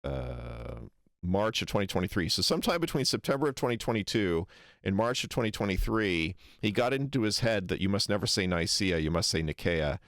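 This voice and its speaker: Low-voiced man, dry close sound. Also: very animated, fairly quick, creaky, a bit bright, dry recording. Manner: hesitant, many ums, wry and skeptical. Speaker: history channel host reacting to a lecture. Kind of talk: casual livestream commentary.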